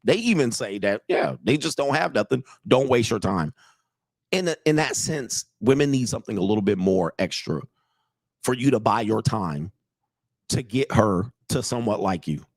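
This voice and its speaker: A man's voice: on the low side, lively intonation, normal speed, no echo, studio quality. A man coaching on dating in a casual livestream monologue, blunt and profane, repeating himself and challenging his audience to disagree. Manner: blunt, profane, repetitive, asks the audience for agreement. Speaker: dating and relationship coach streaming live.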